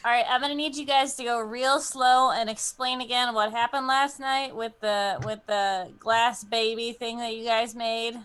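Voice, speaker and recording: A woman player in a tabletop game, with a higher, sharp and bright voice. She throws out wry, teasing remarks. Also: fairly even intonation, normal speed, few pauses, smooth. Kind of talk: casual tabletop role-play.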